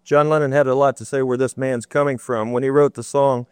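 Smooth-voiced man making an earnest point. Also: mid-range voice, steady tone, a little fast, few pauses, darkish tone, no room sound. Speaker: audience member. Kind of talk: public debate comment.

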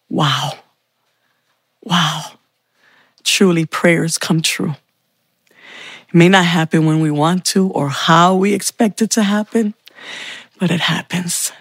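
A woman's voice: lowish voice, dry recording, studio quality. A woman giving an earnest, heartfelt personal faith testimony. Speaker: testimony speaker.

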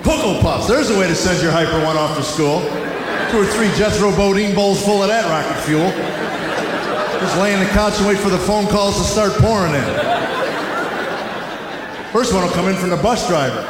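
A man in his fifties performs stand-up in a large hall, telling folksy, wry stories full of rhetorical questions. His voice sits high, he speaks at a normal speed, and he pauses often. The live recording sounds roomy and very noisy, with a loud crowd laughing.

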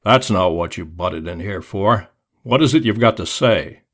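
A man voicing a gruff, hardened safecracker who growls curt orders. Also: low-pitched, normal speed, a bit bright. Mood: scornful.

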